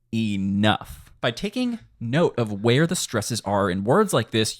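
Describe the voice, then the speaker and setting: A man's voice: fairly low pitch, no echo, clean studio sound. A man teaching songwriting in an online tutorial, enthusiastic and sounding out syllables to show word stress. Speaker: music composition teacher. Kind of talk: screen-share music tutorial.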